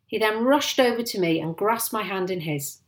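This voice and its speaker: A woman reads a children's novel aloud, expressive and animated, her pitch moving a lot. The recording has a roomy echo. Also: normal speed. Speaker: storyteller. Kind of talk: children's book reading.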